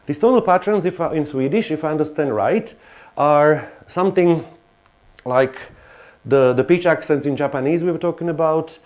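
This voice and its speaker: A man's voice: on the high side, normal speed, a little mellow. Hesitant male lecturer. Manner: hesitant, many restarts and fillers. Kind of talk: academic lecture.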